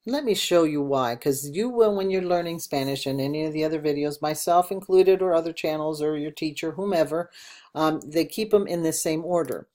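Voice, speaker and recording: A woman's voice: sits low, fairly quick, warm tone. An older woman, a retired teacher working from home, giving a patient language lesson and spelling out words for learners.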